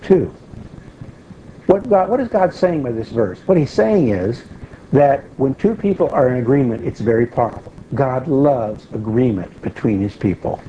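A man's voice: medium pitch, animated, moderate pace, dark tone. A man giving a conversational Bible teaching, explaining patiently and repeating key phrases for emphasis. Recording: dull lo-fi recording with faint hiss.

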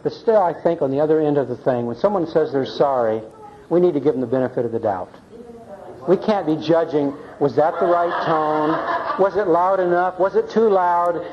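In a muffled, lo-fi recording with a crowd audible behind him, an older Bible study teacher speaks at normal speed in a voice on the high side. He leads his church class earnestly and folksily, often asking "see?" or "okay?".

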